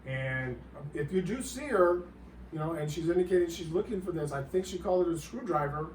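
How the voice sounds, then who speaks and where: High-ish guy rambling thru a comedy monologue, keeps saying sir, kinda far from the mic in an echoey room. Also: lively intonation, a little hiss or hum. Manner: rambling, halting, keeps politely calling the listener sir. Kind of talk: comedic monologue to an unseen listener. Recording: roomy, distant mic, faint background ambience.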